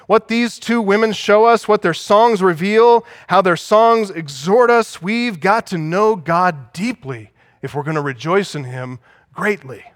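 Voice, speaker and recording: Man, pastor, sermon, high voice, dry close sound, teaching tone, checks in with listeners. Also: unhurried, dry recording. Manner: teaching, asks the congregation for agreement.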